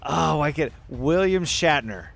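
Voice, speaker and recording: Slow, hesitant man on radio crew. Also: a little high, animated, vocal fry, a bit bright. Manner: hesitant, fumbles for words, laughs. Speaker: radio show crew member. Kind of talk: casual talk radio banter.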